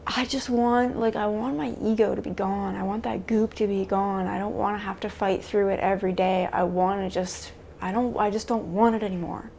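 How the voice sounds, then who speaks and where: A woman vlogging a confessional self-talk monologue to camera, halting and searching for words with many restarts. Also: medium pitch, fairly even intonation, creaky, dark tone, a little hiss or hum. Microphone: camera mic.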